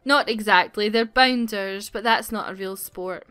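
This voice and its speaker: A woman voicing a chatty, bossy teen girl student from a game, talking fast. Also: mid-range voice, sharp tone, smooth, no echo, soft background music. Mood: bubbly.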